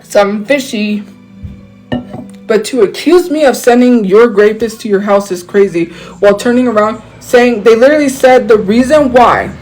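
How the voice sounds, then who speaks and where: A woman's voice: on the high side, moderate pace, a little mellow, soft background music, poor audio. Heated rambling woman on a livestream. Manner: heated, rambling, with many fillers and restarts. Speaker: livestream host. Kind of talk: casual livestream talk to viewers.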